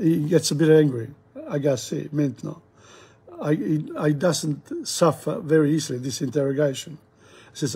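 A man with a husky voice teaching a live language lesson, reading French passages aloud and retelling them in English. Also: a little high, normal speed, dark tone.

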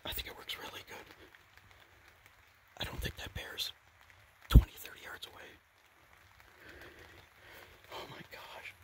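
A man whispering excitedly in a hunting vlog from a blind outdoors, shaking with adrenaline, recorded on a handheld camera. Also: unhurried, long pauses. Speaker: bear hunter.

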